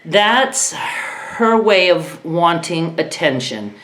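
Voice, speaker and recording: A woman's voice: fairly low pitch, big pitch swings, drawn-out words, a bit bright. A middle-aged woman talking frankly to her viewers in a casual vlog, exasperated and often laughing. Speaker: vlogger, caregiver of her mother. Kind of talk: casual talk to camera.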